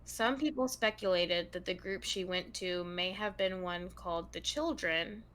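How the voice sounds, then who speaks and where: A woman's voice: on the low side, a little slow, a bit bright, clear, resonant tone. A woman co-hosting a true crime podcast, reading long passages aloud to her co-host in a casual, chatty tone.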